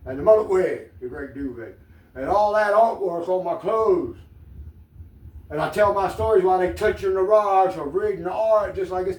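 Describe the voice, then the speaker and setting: A man with a Southern American accent, talking in a rambling, profane, digressive monologue to the camera. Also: high voice. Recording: echoey room, mic at a distance.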